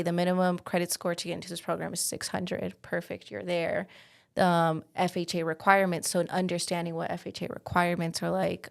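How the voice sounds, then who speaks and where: A woman's voice: on the low side, gravelly. A woman working as a realtor, chatting as an interview guest and telling stories with lots of "like" fillers. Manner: chatty storytelling with frequent "like" fillers. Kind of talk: casual interview talk.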